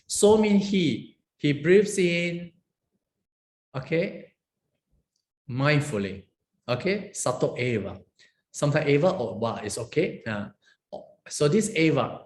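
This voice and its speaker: Monk teaching Pali in an echoey room. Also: male voice, mid-range voice. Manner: explains word by word, many fillers and tag questions. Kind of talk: classroom scripture lesson. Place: monastery teaching hall. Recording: echoey room with faint ambience.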